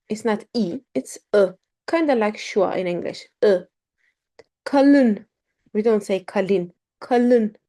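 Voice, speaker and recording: A woman teaching a beginner pronunciation lesson, speaking slowly and carefully, repeating words with frequent ums. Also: medium pitch, mellow. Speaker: language teacher.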